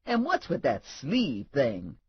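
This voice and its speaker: A loud, blunt sidekick woman who scolds and sasses her way through every line, as a woman narrator puts her on. Her voice swings up and down with plenty of life, a little husky, on a dull, dry audiobook recording. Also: very deep voice, wildly swooping pitch, slow, dry recording, full character voice. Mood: indignant.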